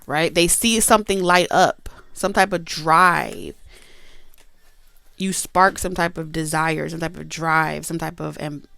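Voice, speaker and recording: A woman's voice: low-pitched, unhurried, creaky, a bit bright, no room sound. A woman giving a casual tarot reading, chatty and emphatic, cursing freely and talking straight to her viewers. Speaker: tarot reader.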